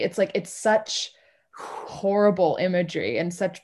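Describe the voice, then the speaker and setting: A woman's voice: on the low side, animated, measured pace, darkish tone. Brief: talkative woman musing over a play, loose and rambling. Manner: rambling, full of "like" and restarts. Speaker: play reading participant. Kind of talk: casual literary discussion.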